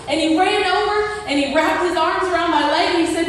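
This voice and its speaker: A high-pitched middle-aged woman tells a personal faith story at a church event, acting out each quote as she goes. Her voice carries through a big echoing hall from some distance away, with a long reverb trailing off every phrase. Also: a little fast, hardly any pauses. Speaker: guest speaker. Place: large indoor event hall. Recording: echoey hall picked up from far off.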